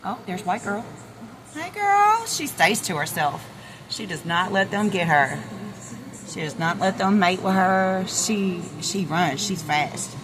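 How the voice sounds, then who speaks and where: A woman's voice: lowish voice, a little slow, noisy background. A woman films her backyard chickens on a handheld phone, talking casually and nervously. She swears under her breath and coos at the birds. Faint outdoor ambience sits behind her voice. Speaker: vlogger. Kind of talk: casual chat. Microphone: handheld phone camera.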